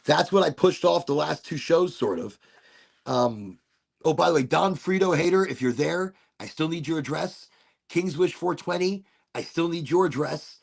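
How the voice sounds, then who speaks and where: A man hosts a relaxed livestream, chatting casually and loosely with plenty of asides and giggles. His gravelly, somewhat husky voice swings widely in pitch, from low mutters to bright, lifted exclamations.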